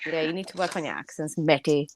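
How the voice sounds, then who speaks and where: A woman's voice: low-pitched, quick pace, very noisy. A woman in casual group chat, teasing the others playfully.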